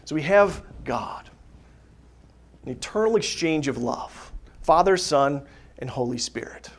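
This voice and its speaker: A man leads a relaxed faith session for parents, his voice sitting a little high. He talks conversationally, tossing in rhetorical questions and a steady stream of "right?" as he checks in with the room. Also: measured pace. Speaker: catechist teaching parents. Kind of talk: live faith talk to a parent group. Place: parish hall dinner gathering.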